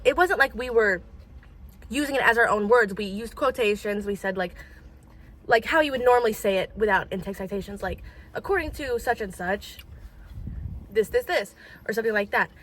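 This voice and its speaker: A woman's voice: medium pitch, fairly bright tone. A teenage girl co-hosting a casual podcast chat, blunt and rambling, swearing freely as she vents. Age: teens. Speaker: podcast co-host.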